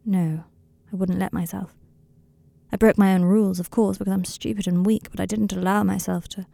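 A woman voicing an earnest, tender young male wizard in an audiobook reading of a fan story, speaking in a softly confiding, slightly rambling way. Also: medium pitch, fairly even intonation, brisk, gravelly, no room sound, lightly acted.

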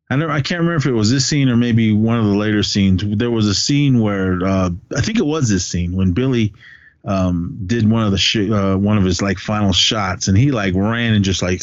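A man co-hosting a podcast in casual movie chat, retelling scenes with lively put-on voices and frequent laughs. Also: fairly low pitch, no echo, dull audio. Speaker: podcast co-host.

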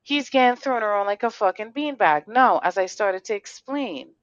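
A woman hosting a podcast in a fiery, blunt way, swearing freely and firing off rhetorical questions. Her voice sits at a middle pitch. The sound is dry and a little muffled. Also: expressive, normal speed, no room sound. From Connecticut. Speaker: podcast host. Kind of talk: heated casual podcast talk.

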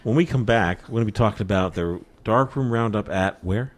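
A man's voice: on the low side, a little fast. A man hosting a podcast in casual chat, playful and slangy, who leads into the next segment. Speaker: podcast host.

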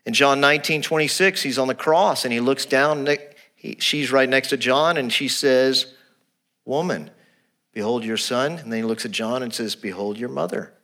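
A man's voice: on the high side, pushed and bright. A man preaching a sermon, explaining scripture and acting out quoted lines with shifts of voice. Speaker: pastor.

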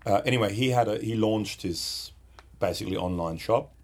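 A man's voice: fairly low pitch, moderate pace. A man co-hosting a casual chat, rambling and joking as he talks. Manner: rambling, chatty, jokey. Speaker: podcast co-host. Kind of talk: casual chat about guitar pedals.

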